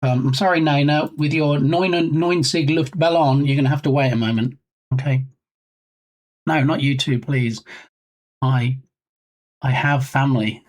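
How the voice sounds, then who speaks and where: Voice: measured pace, long pauses. Chatty, joking live-stream host. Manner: chatty and joking, reading viewer names aloud; lively swings in pitch. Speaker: livestream host. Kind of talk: casual live-stream chat.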